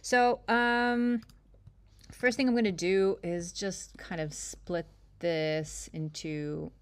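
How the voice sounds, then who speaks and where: A woman narrating a live software demo, chatty and self-mocking, thinking aloud as she works. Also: fairly low pitch, fairly even intonation, slow pace, clean tone, no echo. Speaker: product demonstrator.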